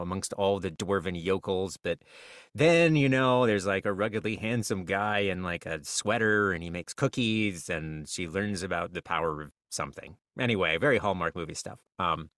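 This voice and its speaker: Man, low voice, chill, self-deprecating jokes, dead dry mic. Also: no echo. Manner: relaxed, self-deprecating, joking. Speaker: guest author. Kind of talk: casual interview chat.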